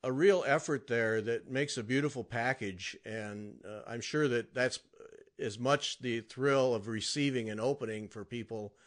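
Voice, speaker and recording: A man hosting an interview podcast, speaking in a halting way with many restarts while complimenting his guest. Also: mid-range voice. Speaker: podcast host. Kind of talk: casual interview chat.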